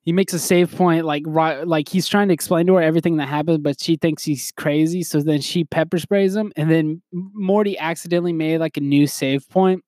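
Male podcast host, casual rambler who chuckles, slightly high voice, dry sound. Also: fairly even intonation, brisk, few pauses, a little mellow, no room sound. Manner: rambling, full of "like" fillers and chuckles. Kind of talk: casual chat.

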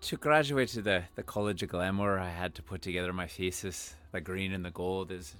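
A man's voice: low voice, brisk, fairly bright tone, smooth. A man voicing a cheerful male fey bard at a tabletop game, with a playful way of talking. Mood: sheepish.

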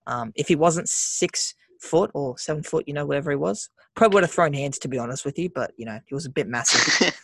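A man's voice: a little high, expressive, fast, creaky, few pauses, fairly bright tone, breathy edge, no echo. A young Australian man hosting a casual chat over a video call and telling stories, chatty and laughing often. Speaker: podcast host.

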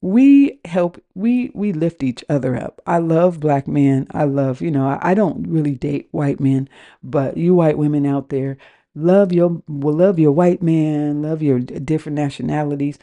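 A woman in her fifties from the West Coast of the United States hosts a podcast, ranting casually and candidly about her dating life. She swears freely and acts out both sides of her phone calls. Her voice sits low, unhurried and dark in tone.

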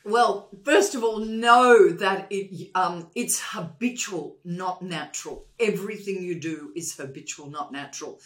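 A woman's voice: on the low side, measured pace, hardly any pauses. A woman, a communication expert interviewed as a guest, who talks emphatically and repeats points for stress. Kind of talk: conversational interview.

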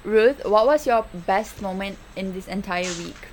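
A teenage girl, co-hosting a casual podcast and reacting quickly to her friend. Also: mid-range voice, noisy background. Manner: lively, reactive, reads listener questions. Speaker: podcast co-host. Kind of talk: casual chat.

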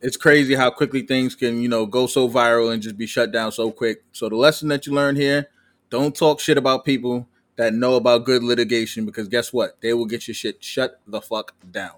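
A man of middling pitch hosts a casual podcast chat. He moves things along between topics in a relaxed, loose way. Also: brisk. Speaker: podcast host.

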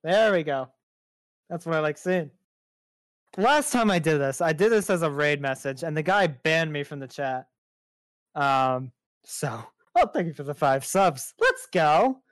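A man's voice: fairly high pitch, big pitch swings, measured pace, fairly bright tone, dry recording. A man who is a guest on a livestream, joking and bossing his chat around in a casual way. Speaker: streamer guest.

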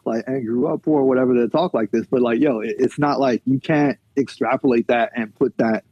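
Mellow, husky man on a podcast. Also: medium pitch, fairly even intonation, a little fast, no echo, muffled recording. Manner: loose and chatty, many fillers, laughs often. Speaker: podcast guest, linguist. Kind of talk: casual conversational interview.

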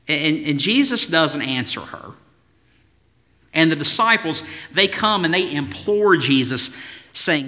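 A man's voice: fairly high pitch, lively intonation, measured pace, sharp tone, long reverb tail. A man preaching a sermon as pastor, in an emphatic voice with rhythmic lists and rhetorical questions.

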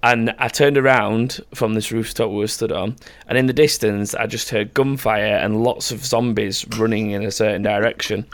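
A man's voice: lowish voice, steady tone, moderate pace, hardly any pauses. A young man hosting a casual podcast chat, telling rambling stories with lots of laughing and swearing. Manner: rambling, laughing storyteller who swears freely. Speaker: podcast host.

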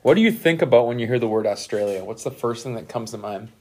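A man who is a teacher hosting a casual interview, relaxed and encouraging, with lots of "you know" and "right". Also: medium pitch, fast. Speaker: teacher and podcast host.

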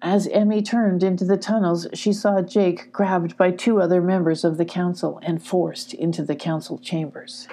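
A woman reading a children's storybook aloud in a calm, even narrating manner. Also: on the low side, moderate pace, hardly any pauses. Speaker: audiobook reader.

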